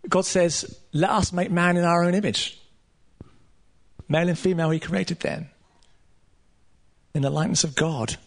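A man preaching a sermon to a room of listeners, earnest and emphatic, with casual asides and pauses. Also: high voice. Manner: casual asides with light laughter. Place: room with a live audience.

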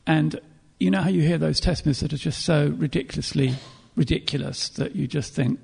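Gravelly, husky man preaching. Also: a little high, fairly quick, a little mellow. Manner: earnest, reflective, with throat-clearing and restarts. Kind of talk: sermon.

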